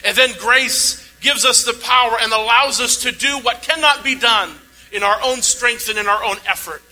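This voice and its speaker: A man's voice: very high-pitched, normal speed, bright, forceful tone. A man preaching a sermon, reading a scripture passage aloud and then explaining it with rising emphasis. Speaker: pastor. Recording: long hall reverb, faint noise.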